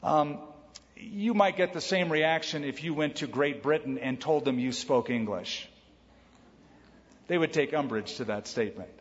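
In a large church sanctuary whose long reverb trails after every word, a male pastor with a slightly high voice delivers a sermon. He addresses the room conversationally and tosses in quick quoted lines, and the sound is somewhat dull.

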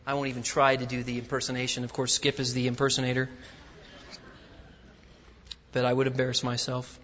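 A man's voice: medium pitch, monotone, brisk, slight background noise. Preaching man in a reverberant hall. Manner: swings from loud emphatic peaks to quiet intimate asides. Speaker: guest preacher. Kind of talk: sermon. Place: large church sanctuary. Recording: dull audio with long hall reverb.

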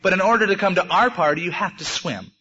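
A man's voice: sits high, fast talker, sharp tone, breathy edge, voice pushed up, exaggerated voice. A man voicing a beaver who turns someone away in an apologetic, matter-of-fact way. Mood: polite. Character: polite but refusing beaver. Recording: muffled lo-fi recording.

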